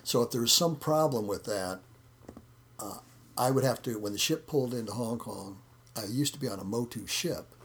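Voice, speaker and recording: A man's voice: mid-range voice, moderate pace, a bit bright. A man, a martial arts instructor, telling stories in a casual interview, repeating words and acting out quotes. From United States.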